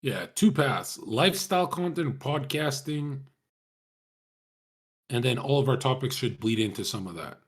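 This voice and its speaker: A man's voice: mid-range voice, lively intonation, unhurried. A young man talking casually to his viewers, rambling in slang, swearing often and calling everyone bro. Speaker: streamer talking to chat.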